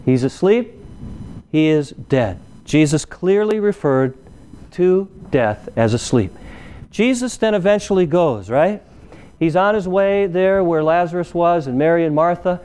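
A man's voice: on the high side, a little mellow, clear, resonant tone. A man preaching a sermon in a conversational way, often tossing questions to the congregation. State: recovering from illness.

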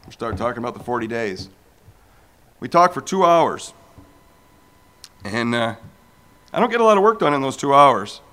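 A man in his forties telling a personal faith story, animated and acting out the voices of people he quotes. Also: normal speed, long pauses. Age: 40s. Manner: animated storyteller who acts out quoted voices with big pitch jumps. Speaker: speaker sharing a personal testimony. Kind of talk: storytelling testimony talk.

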